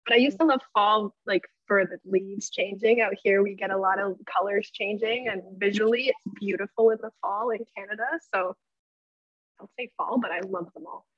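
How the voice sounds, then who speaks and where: A woman's voice: mid-range voice, fairly even intonation, normal speed, no room sound. Podcast guest, woman, earnest and emotional; slightly lo-fi and dry recording. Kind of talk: casual interview chat. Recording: dull, slightly lo-fi sound.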